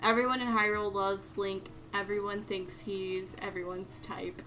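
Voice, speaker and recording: A young woman on a desk microphone chatting casually and reacting out loud while she plays a video game. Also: mid-range voice, flat delivery, moderate pace, noisy background. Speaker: streamer.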